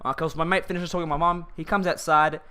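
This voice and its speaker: A man's voice: fairly high pitch, little pitch movement, fast, pushed and bright, smooth. A man telling a personal story for his vlog in a rambling, slangy way, restarting his sentences often.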